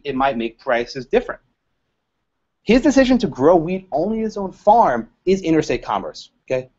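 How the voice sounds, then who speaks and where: A man giving a lively, joking law lecture to a live audience, quizzing the room and laughing at his own jokes. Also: fairly high pitch. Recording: dull lo-fi lecture recording.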